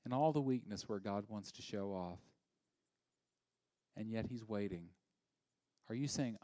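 A male pastor preaching a sermon. He is animated and sometimes drops to a hushed near-whisper for emphasis. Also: lowish voice, measured pace, long pauses, no room sound.

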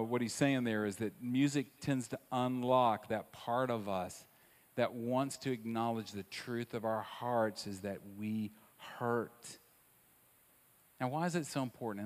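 Preaching man in a reverberant hall. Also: medium pitch. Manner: dynamic preaching, swings from soft asides to loud emphatic repetition. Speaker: pastor. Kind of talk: sermon. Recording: long reverb of a large hall.

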